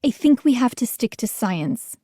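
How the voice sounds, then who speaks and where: A woman's voice: on the high side, animated, normal speed, mellow, breathy edge, dry recording, clean studio sound. A woman voicing a skeptical scientist father in an audiobook, speaking in a matter-of-fact, slightly mocking way. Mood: dismissive.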